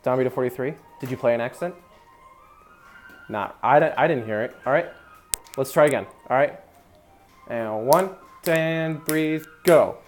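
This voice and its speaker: A man's voice: medium pitch, fairly quick, long pauses, soft background music. A young man coaching a small brass ensemble in rehearsal, talking casually with lots of fillers and singing out syllables to demonstrate articulation. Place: rehearsal room with brass players.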